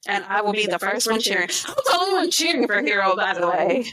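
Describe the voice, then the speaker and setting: A woman's voice: mid-range voice, sing-song, quick pace, hardly any pauses, bright, forceful tone, no room sound, poor audio. A woman co-hosting a podcast, chatting casually and animatedly, laughing often and acting out what others said. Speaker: podcast co-host. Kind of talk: casual chat recapping wrestling shows.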